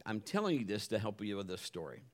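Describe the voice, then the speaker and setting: A man's voice: on the low side, wildly swooping pitch, fast talker. Man preaching a folksy sermon. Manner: folksy storytelling with dramatic voice swings. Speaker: pastor.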